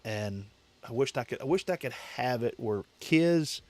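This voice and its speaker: A man's voice: medium pitch, expressive, measured pace, darkish tone. A man hosting a casual livestream chat, rambling and repeating himself as he answers viewers with easy laughs. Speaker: livestream host.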